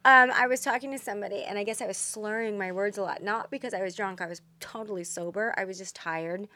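Chatty Texan woman, bright dry voice. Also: mid-range voice, fast talker, no room sound. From Texas. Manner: chatty, animated, self-deprecating. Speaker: podcast co-host. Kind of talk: casual chat.

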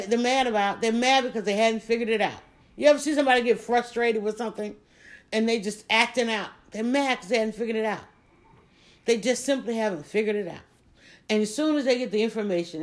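A woman hosting a motivational podcast, talking straight to her listeners in an energetic, preachy way. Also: fairly high pitch. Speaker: podcast host.

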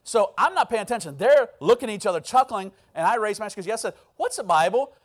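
A man's voice: high-pitched, animated, fast. A man preaching a sermon as pastor, telling a personal story and acting out the voices in it. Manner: storytelling, acts out quoted voices.

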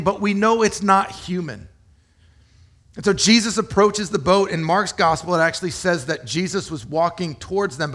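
Higher-voiced man preaching a sermon. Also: fairly bright tone. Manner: conversational, explains scripture plainly and asks rhetorical questions. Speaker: pastor.

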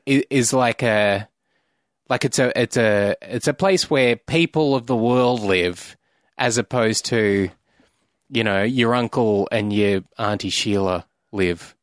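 A man's voice: mid-range voice, no room sound, studio quality. A man with an Australian accent, co-hosting a casual film chat and rambling as he gropes for words mid-thought. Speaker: podcast co-host.

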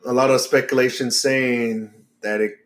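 A man's voice: medium pitch, flat delivery, normal speed. A man co-hosting a podcast, chatting casually with lots of fillers and swearing. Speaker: podcast co-host. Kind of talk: casual chat.

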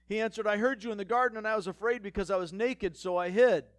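A man's voice: high-pitched, fast, no room sound, voice pushed up, close to an everyday voice. A man reading as a frightened, defensive first man. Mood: afraid.

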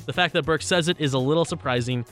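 A man's voice: on the high side, fast, a bit bright, faint music behind. A man hosting his own talk show, giving casual, opinionated commentary with lots of asides. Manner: conversational and opinionated, with frequent asides and restarts. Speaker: radio-style show host.

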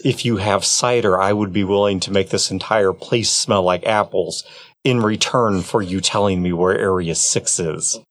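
A man playing a character in a tabletop game, speaking in a formal, flat and literal way. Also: low-pitched, normal speed. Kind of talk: in-character role-play.

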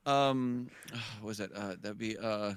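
A man co-hosting a casual comedy podcast, joking and laughing, halting now and then to search for words. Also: lowish voice, steady tone, clean tone, no room sound. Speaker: podcast co-host.

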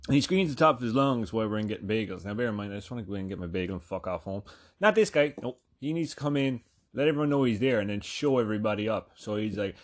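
Podcast guy rambling through a sweary story, lowish voice, tons of likes and you knows. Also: lively intonation, very fast. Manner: rambling, profane, lots of fillers. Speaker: podcast host. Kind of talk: casual comedic storytelling.

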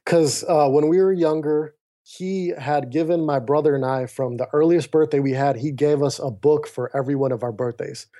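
A man's voice: fairly high pitch, normal speed. A man, a podcast guest, telling a personal story in conversation. He acts out the voices of others in his dialogue and often turns to the host by name. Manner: animated storyteller who acts out quoted dialogue; often addresses the host by name mid-sentence. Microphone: remote call.

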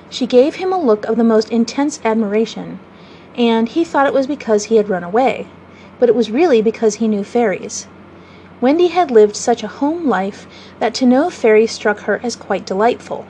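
Female storyteller reading aloud, measured and gently expressive, a bit high-pitched. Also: slight background noise, poor audio.

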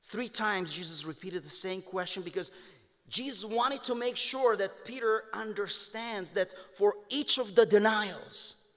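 A man with a Romanian accent preaching a sermon to his congregation, impassioned, calling them "my beloved" and swinging between hushed tones and raised exclamations. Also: sits high, a little slow. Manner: impassioned, addresses listeners as "my beloved". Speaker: pastor. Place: church sanctuary. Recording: long church hall reverb.

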